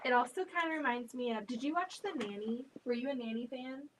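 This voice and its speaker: A woman's voice: high-pitched, fairly quick, crowd noise. A woman hosting a live sewing stream, chatting casually with a giggly, eager manner. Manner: giggly, eager, lots of fillers. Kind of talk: casual chat. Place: home sewing room.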